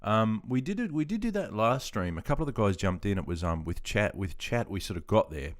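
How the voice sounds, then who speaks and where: A man's voice: fairly low pitch, lively intonation, a little fast. An Australian man in his fifties, chatting in a rambling, self-deprecating way while reading out chat on a gaming live stream. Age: 50s.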